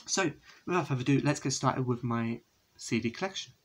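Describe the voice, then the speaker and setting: A man's voice: mid-range voice, fairly quick, low-quality recording. A young man chatting casually at home as he shows his CD collection, rambling with many fillers and self-corrections. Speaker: vlogger. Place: indoors, a room at home with a window.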